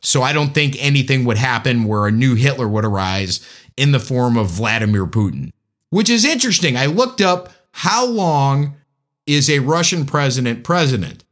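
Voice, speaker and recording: Lively opinionated man ranting casually. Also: medium pitch, moderate pace. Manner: opinionated, joking, rambling. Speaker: commentator.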